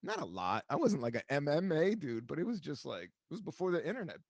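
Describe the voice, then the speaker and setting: A man's voice: a little high, wildly swooping pitch, fast, dry recording, studio quality. A man in his forties from the United States hosting a podcast, rambling through stories in casual chat, swearing freely and acting out what people said. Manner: rambling storyteller, swears freely, acts out quotes. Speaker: podcast host.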